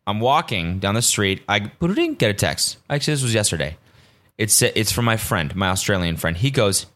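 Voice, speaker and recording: A man hosting a solo podcast, rambling casually and swearing often, veering between excitement and deadpan asides. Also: fairly low pitch, fairly quick. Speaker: podcast host.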